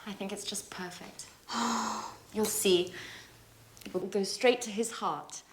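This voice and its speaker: A woman's voice: medium pitch, steady tone, takes it slowly, a little hiss or hum, natural voice. An actress playing a young woman's dry, teasing friend in a scripted sitcom for English learners. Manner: wry and teasing.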